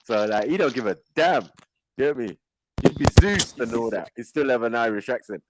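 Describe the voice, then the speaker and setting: A man cutting in with lively jokes during casual banter on a live online panel. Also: mid-range voice, moderate pace. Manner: lively, joking interjections. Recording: loud noise and clicks behind.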